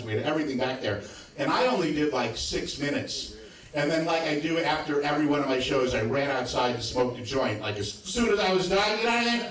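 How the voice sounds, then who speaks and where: A man doing a live stand-up set, telling profane stories with frequent asides to the crowd. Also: fairly high pitch. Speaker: stand-up comedian. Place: comedy club stage. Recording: echoey club sound from a distant mic.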